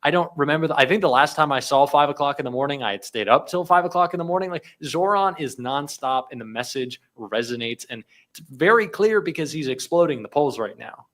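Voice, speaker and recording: A man in his twenties, a guest and fellow online show host, giving fast, eager political commentary and often repeating words. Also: a little high, lively intonation, fairly bright tone. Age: 20s.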